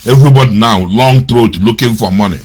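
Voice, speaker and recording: A man's voice: mid-range voice, a little fast, a little mellow, slightly rough. A middle-aged man from Nigeria giving critical commentary in an emphatic, repetitive manner, full of rhetorical questions. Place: lives in America.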